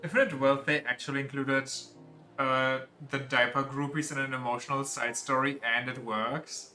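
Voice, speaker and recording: A man's voice: medium pitch, fairly even intonation, normal speed, pushed and bright. A man streaming a video game, chatting casually and joking crudely as he plays, often laughing. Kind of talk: casual let's-play commentary. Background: faint game music.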